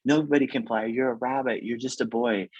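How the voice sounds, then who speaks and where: A man voicing a chorus of toy animals in a storybook tale who nag and scoff, in a husky voice pushed well above his own. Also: mid-range voice, steady tone, fairly quick, darkish tone, no echo, highs cut off, pitched above the performer's own voice, close to an everyday voice. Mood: scornful. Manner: nagging, scornful.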